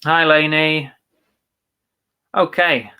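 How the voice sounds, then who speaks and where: A man's voice: a little high, steady tone, extremely slow, sharp tone, clear, resonant tone. A man co-hosting a live reselling show, chatting casually and reading out viewer comments. He talks in an agreeable, thinking-aloud way.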